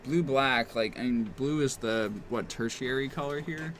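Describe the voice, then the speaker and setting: A man's voice: mid-range voice, moderate pace, fairly bright tone, slight background noise. Analytical male card game commentator. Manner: analytical, thinks aloud, many fillers. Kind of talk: casual live commentary. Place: game store.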